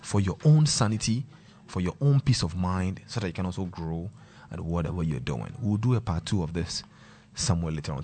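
A man's voice: low voice, darkish tone, a little hiss or hum. A Ghanaian man presenting a talk show, sharing a passionate personal testimony and mixing English and Twi. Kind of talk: emotional personal testimony to viewers.

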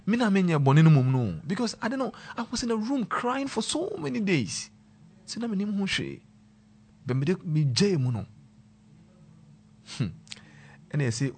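A man's voice: on the high side, very animated, moderate pace, husky. A Ghanaian man presenting a talk show, sharing a passionate personal testimony and mixing English and Twi. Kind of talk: emotional personal testimony to viewers.

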